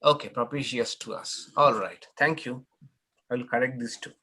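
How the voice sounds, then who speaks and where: A man's voice: medium pitch, normal speed, sharp tone, breathy edge. A man, a monk, teaching a scripture class in a patient, explanatory way and inviting questions and corrections. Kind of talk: unhurried scripture class talk with Q&A.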